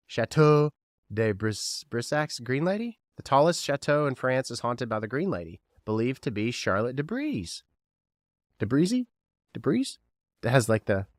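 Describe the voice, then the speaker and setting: A man's voice: medium pitch, no echo, clean studio sound. A man from Kentucky hosting a podcast alone, rambling and joking and firing questions at the listener. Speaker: podcast host. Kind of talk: casual solo podcast chat.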